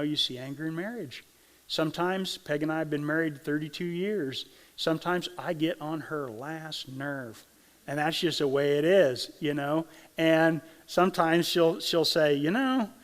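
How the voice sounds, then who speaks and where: A middle-aged man from Arkansas preaching a sermon as pastor, with a conversational, folksy manner and frequent check-ins with the congregation. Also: fairly high pitch. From Arkansas, USA. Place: church sanctuary. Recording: long church hall reverb.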